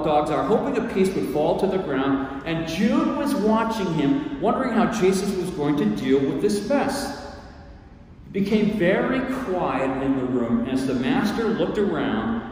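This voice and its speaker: A man preaching a dramatic first-person sermon, telling the story in character with a theatrical, expressive delivery. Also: fairly high pitch, a little hiss or hum. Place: church sanctuary. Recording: echoey church hall from far off.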